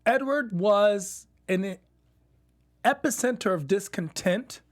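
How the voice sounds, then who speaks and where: A man's voice: high-pitched, takes it slowly. A man co-hosting an online TV after-show, joking with wordplay and then giving earnest commentary. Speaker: co-host. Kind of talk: casual TV recap chat.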